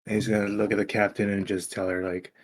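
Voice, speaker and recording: A man's voice: lowish voice, flat delivery, fast talker. A man playing a tabletop game, describing his character's moves in a laid-back way. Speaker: player.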